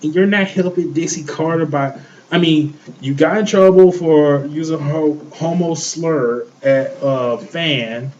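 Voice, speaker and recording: A man's voice: on the high side, a little slow, darkish tone, muffled recording, slight background noise. A man co-hosting a show, ranting in heated casual chat, swearing often and repeating himself. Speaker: podcast co-host.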